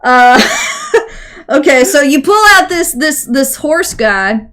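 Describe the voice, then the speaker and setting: High-pitched lady game master, slow rambly giggly narration. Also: expressive, pushed and bright.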